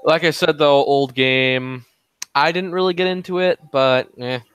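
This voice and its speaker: A man's voice: fairly high pitch, steady tone, a little slow, fairly bright tone, clean tone. A man co-hosting a podcast, chatting casually and reacting in brief, laid-back remarks. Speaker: podcast co-host. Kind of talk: casual chat.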